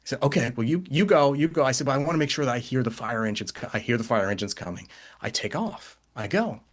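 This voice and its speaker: A man in the middle of his pitch range tells a long personal anecdote as a podcast guest. He rambles, restarts, and jumps into animated impressions of the people in his story. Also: quick pace. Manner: rambling, animated, acts out quoted voices. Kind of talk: casual storytelling.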